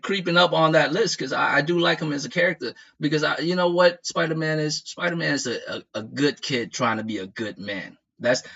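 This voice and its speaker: Streamer type, man, a bit high and very bright, profane rant, dull lo-fi audio. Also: vocal fry. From United States. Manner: profane, animated rant with frequent laughs. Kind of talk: casual chat.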